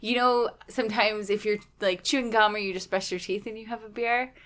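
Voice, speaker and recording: A woman's voice: mid-range voice, steady tone, brisk, fairly bright tone. A woman co-hosting a podcast, chatting in an easygoing, giggly way with some hesitant fillers. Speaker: podcast co-host. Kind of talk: casual chat.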